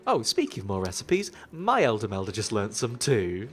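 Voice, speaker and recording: A man's voice: lowish voice, wildly swooping pitch, moderate pace. Guy hosting a game stream, jokey, voice bouncing all over. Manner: jokey, laughs often. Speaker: stream host. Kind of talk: casual gaming chat.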